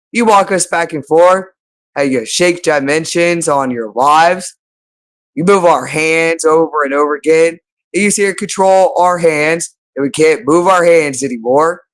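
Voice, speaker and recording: A woman speaking in an unscripted monologue to camera, agitated and accusing, looping back to the same phrases again and again. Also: low voice. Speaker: channel host.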